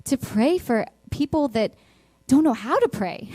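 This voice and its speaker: A woman's voice: sits high, animated, a little slow, dark tone, dry recording. A woman giving a sermon to an online congregation, telling personal stories earnestly and repeating words for emphasis, with a Texas accent. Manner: earnest storytelling with emphatic repetition. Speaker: church speaker.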